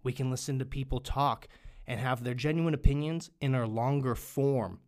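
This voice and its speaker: A man hosts a casual podcast conversation in an ordinary mid-pitched voice. He talks loosely and swears often, building into animated rants. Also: normal speed. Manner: profane, animated ranting. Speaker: podcast host.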